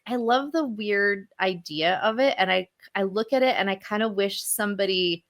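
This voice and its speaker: A chatty woman co-hosts a podcast about old television horror movies. Her pitch sits in a middle range, and she talks loosely, piling up fillers and restarting her sentences. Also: moderate pace, fairly bright tone. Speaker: podcast co-host. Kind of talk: casual chat.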